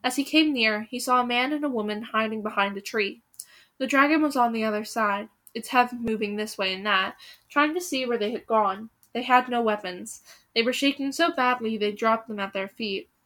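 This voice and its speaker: Woman reading a book out loud, slow tense build-up, bright kinda high voice. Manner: dramatic, suspenseful pacing. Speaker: storyteller.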